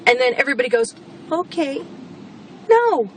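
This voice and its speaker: A woman with a high voice talks in an exasperated, blunt way and swears freely. She rants casually as a homeowner. Car and street noise is clearly audible under her voice. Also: expressive, normal speed, bright, forceful tone, poor audio. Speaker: homeowner venting on camera. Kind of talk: casual rant. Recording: background traffic noise.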